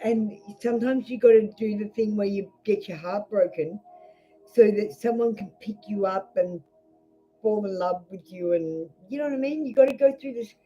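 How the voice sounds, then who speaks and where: A woman's voice: mid-range voice, normal speed, warm tone, faint music behind. A woman with an Australian accent giving a blunt live tarot reading and swearing freely. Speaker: tarot reader. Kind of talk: live-streamed card reading. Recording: dull lo-fi stream audio.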